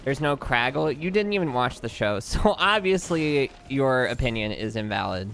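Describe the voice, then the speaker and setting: A man's voice: mid-range voice, lively intonation, normal speed, gravelly, a bit bright, slight background noise. A young man streaming a game, bantering with his chat in a joking, exasperated way. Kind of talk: casual live-stream commentary.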